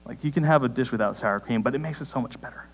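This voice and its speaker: A young adult man preaching a sermon, telling a personal story in a conversational way, with sudden rises in pitch. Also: rapid-fire, slight background noise. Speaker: pastor.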